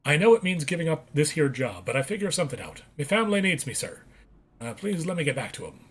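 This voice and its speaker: A desperate working father pleads in a put-on rustic drawl, his pitch rising and falling as he begs, the way a gamer puts him on. His voice lifts a little higher than a plain speaking voice. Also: very animated, fast talker, breathy edge. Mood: pleading. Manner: put-on rustic accent, begging.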